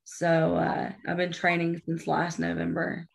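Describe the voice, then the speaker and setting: A woman's voice: on the low side, completely flat delivery, unhurried, vocal fry. A woman in her twenties, a professional wrestler, answering interview questions in a matter-of-fact way. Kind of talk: casual interview chat.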